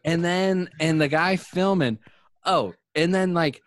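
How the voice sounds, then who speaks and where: A man's voice: fairly high pitch, takes it slowly, slight background noise. A man in casual chat, telling a rambling, profane story full of fillers.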